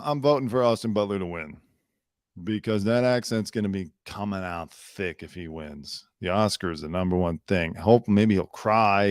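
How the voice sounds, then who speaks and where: A man hosting a comedy talk show, joking his way through celebrity news in a mocking tone and slipping into quick impressions. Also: low voice, no echo, studio quality. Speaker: comedy podcast host.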